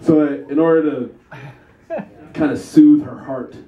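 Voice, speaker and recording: A man's voice: mid-range voice, fairly even intonation, unhurried, lo-fi sound, crowd noise. A young man doing a live stand-up set in a small café, self-deprecating and chuckling through his own lines. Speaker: stand-up comedian. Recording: echoey room, distant mic.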